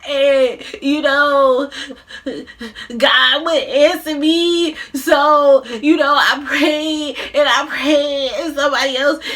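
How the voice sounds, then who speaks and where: A woman voicing a tearful, guilt-ridden mother who confesses to her son in a halting, sobbing way. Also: mid-range voice, expressive, a bit bright, far from the mic.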